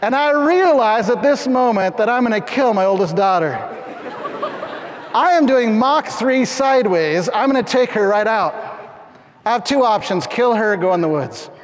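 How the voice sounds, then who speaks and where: A middle-aged man from Canada preaching a storytelling sermon, animated and acting out scenes with sudden loud shouts. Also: high-pitched, moderate pace, some chatter behind, a little hiss or hum. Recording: long hall reverb.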